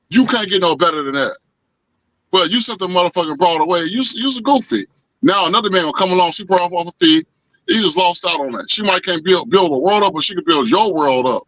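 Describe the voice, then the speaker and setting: A man telling a story in casual chat, animated and profane, acting out the voices of the people in it. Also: high-pitched, no room sound, rough recording. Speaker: podcast co-host.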